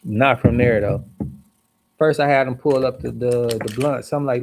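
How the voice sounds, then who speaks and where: A man's voice: medium pitch, moderate pace, vocal fry, darkish tone. A man livestreaming an angry, profane story with heavy emphasis. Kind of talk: heated storytelling rant.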